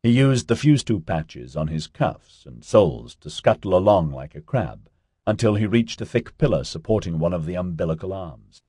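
Deep, husky male audiobook narrator. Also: normal speed, dry recording. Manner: expressive storytelling.

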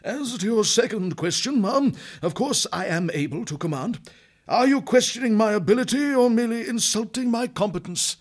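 A man's voice: sits high, animated, normal speed, pitched above the performer's own voice. A man voicing a proud old male hare colonel with a clipped, pompous military manner. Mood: indignant.

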